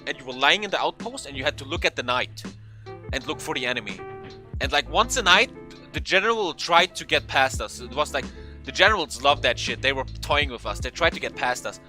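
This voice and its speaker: A young man telling a funny story in a casual, animated way, swearing often and acting out what people said. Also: medium pitch, a little fast, soft background music. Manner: animated, swearing, acts out quotes in a raised voice. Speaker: vlogger.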